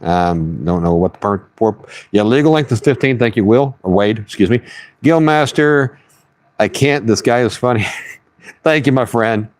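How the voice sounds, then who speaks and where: A man with a lowish voice chats casually through a fishing live stream. He is folksy and talkative and reads viewer comments aloud as he goes. The sound is close and dry, with no room around it. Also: moderate pace, dry recording. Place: outdoors on the water.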